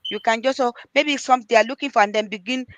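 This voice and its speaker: The recording is muffled but echo-free, carrying a somewhat high, fairly bright woman's voice at a quick pace. A middle-aged early years practitioner on a panel, she earnestly advises parents, repeats the essentials, and acts out talks with children.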